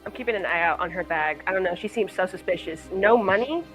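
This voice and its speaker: A woman's voice: on the low side, lively intonation, fast, soft background music, low-quality recording. A woman playing a tabletop game, speaking in casual, slangy banter. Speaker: player. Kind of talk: in-character tabletop play.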